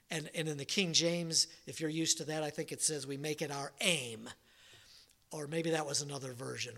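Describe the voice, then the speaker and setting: A man's voice: fairly high pitch, fairly even intonation, moderate pace, creaky, pushed and bright. A middle-aged male pastor preaching a sermon, telling a folksy, rambling story with many restarts.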